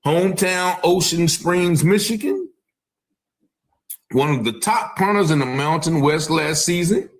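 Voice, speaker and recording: A man's voice: on the high side, animated, a little slow. A man hosting a true-crime commentary show, talking emphatically and hedging his claims with "allegedly". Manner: emphatic, repeats "allegedly", stops to replay clips. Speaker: commentary channel host.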